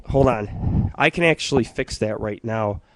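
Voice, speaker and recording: A man hosting an internet radio show, telling stories in a profane, rambling way and jumping between loud outbursts and muttering. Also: lowish voice, unhurried, dry recording. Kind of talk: rambling live-stream monologue.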